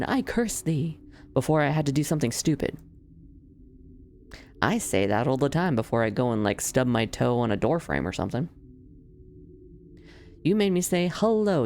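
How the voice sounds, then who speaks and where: A woman reads the lines of a sardonic young villainess from a visual novel. Her voice is very deep, dry, and a little mellow, with wry, formal phrasing.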